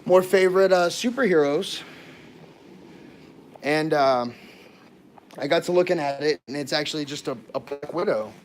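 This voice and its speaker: A man tells rambling stories on his livestream, talking straight to his viewers. His voice sits a little high for a man, and he keeps breaking off mid-thought to start over. A faint hiss runs under the recording. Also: moderate pace, long pauses. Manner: rambling, chatty, self-interrupting, talks to viewers. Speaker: live streamer. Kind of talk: casual livestream storytelling.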